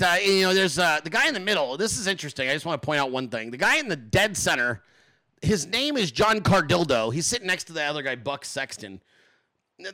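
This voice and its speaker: This livestream host's voice is high, bright, and forceful. As a political commentator, he rants with profane sarcasm and tosses mocking rhetorical questions to his viewers.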